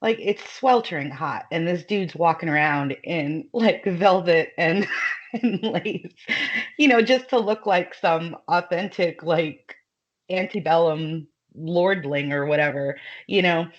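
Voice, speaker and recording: A woman with a light Southern American accent talks in a loose, chatty way, laughing often and leaning on fillers. Her voice sits a little low. The recording is dull and lo-fi. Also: slow. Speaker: guest author. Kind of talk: casual podcast chat.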